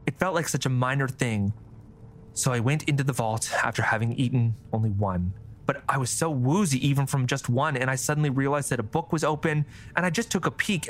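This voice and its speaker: A man voicing a guilty, anxious young male thief in a halting, stammering way. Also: medium pitch, a bit bright, close to an everyday voice.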